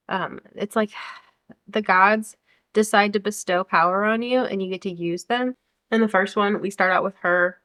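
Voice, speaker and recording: A young American woman, a book vlogger, chats casually and enthusiastically about upcoming books, talking freely and sometimes reading blurbs aloud. Her voice is mid-range and a bit bright.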